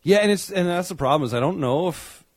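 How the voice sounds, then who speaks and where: A man co-hosting a wrestling podcast in casual chat, animated, laughing often and acting out quotes. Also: high-pitched, fast, no room sound. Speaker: podcast co-host.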